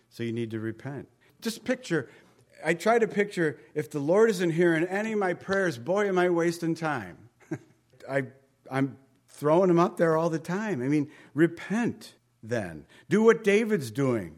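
A man's voice: fairly high pitch, expressive, normal speed. A man preaching a conversational sermon in a folksy way, with joking asides and questions to the congregation. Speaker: pastor.

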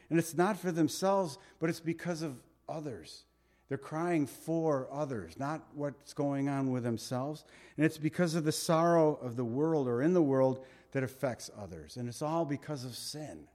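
This male pastor works through the Bible verse by verse, narrating the story with animated, chatty energy. When he reads scripture he goes slowly, and he lowers his voice to stress key points.

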